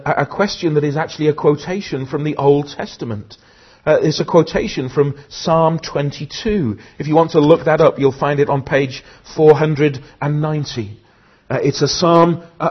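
A man with a slightly raised pitch and a husky voice preaches an earnest sermon in a church. He often says "uh" and repeats words, and he grows slow and soft as he reads from scripture. The recording sounds dull and lo-fi. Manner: slows and softens when reading scripture aloud.

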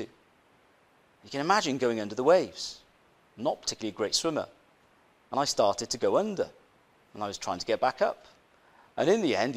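A male preacher giving a conversational sermon, telling a personal story, often asking the congregation rhetorical questions and repeating his phrases. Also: mid-range voice.

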